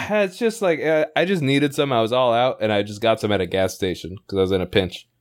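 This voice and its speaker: A man's voice: mid-range voice, brisk, clean tone. A man co-hosting a podcast in casual comedic chat, laughing often between lines. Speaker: podcast co-host.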